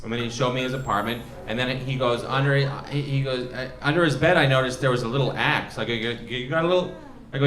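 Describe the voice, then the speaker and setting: A man doing a stand-up set, rambling and self-deprecating, building to loud rants. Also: mid-range voice, fast talker. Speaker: stand-up comedian. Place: comedy club stage. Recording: roomy club sound from far off. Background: audience laughter.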